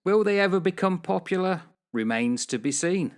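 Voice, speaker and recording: A man's voice: high voice, lively intonation, moderate pace. A man co-hosting a casual political chat podcast, cracking dry one-liners and posing rhetorical questions. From United Kingdom. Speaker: podcast co-host.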